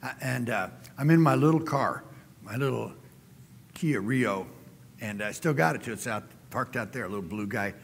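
A middle-aged man preaching a sermon as a guest speaker, telling folksy stories and getting animated when he quotes people. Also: mid-range voice, moderate pace, creaky, slight background noise. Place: church sanctuary. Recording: church hall reverb.

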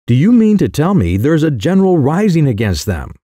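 A man doing a flustered, fussy old gentleman. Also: on the high side, big pitch swings, brisk, dry recording, clean studio sound, voice pushed up. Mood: flustered, indignant. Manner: anxious, indignant, stammering. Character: fussy elderly country gentleman, easily flustered.

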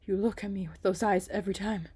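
Hushed gentle pirate captain, young man, teasing, read by a woman, storybook. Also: medium pitch, steady tone, quick pace, slightly rough.

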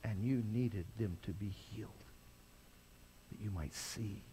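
An older man preaching a sermon as pastor, impassioned, swinging from loud cries to quiet intensity. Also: on the low side, a little slow, noisy background.

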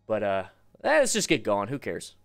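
A man's voice: lowish voice, wildly swooping pitch, normal speed, vocal fry, loud music behind the voice. A man hosting a casual live stream, reading viewer questions, reacting to motorcycle clips and giving riding advice in a chatty, upbeat way. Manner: upbeat, hypes the chat for likes. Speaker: live-stream host reviewing motorcycle videos.

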